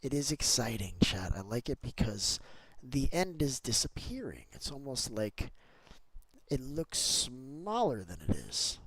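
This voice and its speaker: A man's voice: mid-range voice, sing-song, a little slow, a bit bright, slightly rough, dry recording. Chatty male streamer in a dry room. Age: adult with kids. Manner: chatty, easily sidetracked, keeps greeting the chat. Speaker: Minecraft streamer. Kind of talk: casual livestream chat while gaming.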